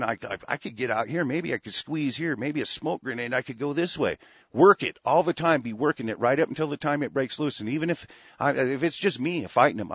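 A man's voice: mid-range voice, husky, dry recording, lo-fi sound. A man hosting a talk radio show, delivering a rambling, profane, heated monologue.

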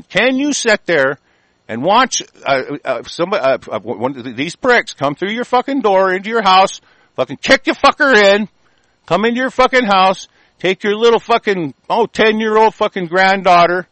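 A man hosting a radio show, delivering an angry, profanity-filled monologue full of halting restarts. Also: high voice, fairly bright tone, dry recording, rough recording. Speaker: radio host.

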